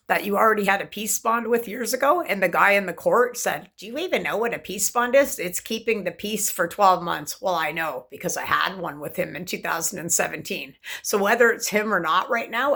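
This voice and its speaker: A woman's voice: fairly low pitch, vocal fry, bright, forceful tone. A woman talks to camera in a long, rambling monologue, intense and swearing freely as she jumps from topic to topic. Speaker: vlogger.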